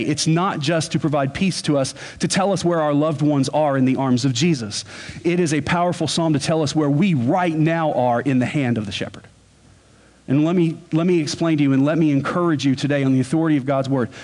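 A man preaching a sermon as pastor, earnest, and he slows down to stress key words. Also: a little high, darkish tone.

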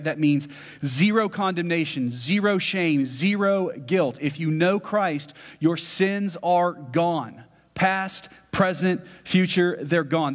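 A man preaching a sermon as a pastor, conversational, often checking in with his listeners. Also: on the high side. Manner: conversational preaching with frequent "right?" asides. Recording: church hall reverb.

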